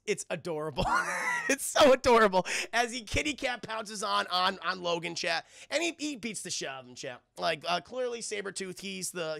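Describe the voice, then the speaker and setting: A man streaming a casual film recap who mocks the movie with profane, animated sarcasm and keeps talking to his chat. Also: high voice, gravelly, dry recording, clean studio sound. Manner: sarcastic, mocking the film and slipping into voices.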